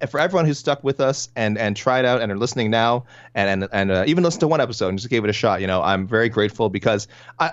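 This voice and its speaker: A man co-hosting a podcast, talking quickly with many restarts. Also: on the low side, clean tone, no echo. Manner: rapid, stumbling restarts. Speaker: podcast co-host. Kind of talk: casual podcast chat. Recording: dry, dull lo-fi mic.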